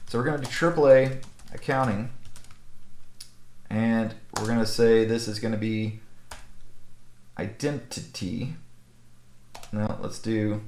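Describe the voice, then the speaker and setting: Male instructor, relaxed tutorial delivery with lots of "okay?" checks, roomy echo. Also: fairly low pitch, slow pace, long pauses. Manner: casual, with frequent "okay?" and "right?" checks. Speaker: network instructor. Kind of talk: screen-recorded technical tutorial.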